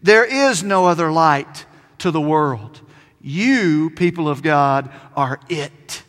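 A man preaching a sermon as pastor, stressing key words by slowing down and pausing. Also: on the high side, animated, fairly bright tone, long reverb tail. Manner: emphatic, slows down on key words.

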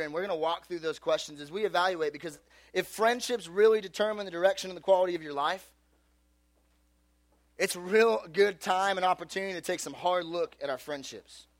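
Animated, high-voiced youth pastor. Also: male voice, no echo. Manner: animated, casual, full of "like" and "dude". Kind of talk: youth sermon with storytelling. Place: room with a live youth audience.

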